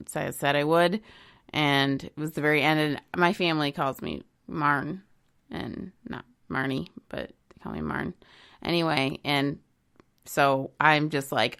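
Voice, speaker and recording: A woman with a low, gravelly voice chats on a podcast. She tells her story in a relaxed, chatty way. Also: normal speed. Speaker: podcast co-host. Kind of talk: casual chat.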